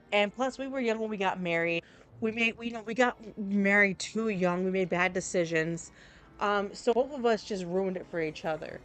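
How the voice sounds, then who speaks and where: A woman's voice: medium pitch, a bit bright. Rambling New woman streaming a game. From New Jersey. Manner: rambling and candid, restarts often. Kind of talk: casual live-stream chat.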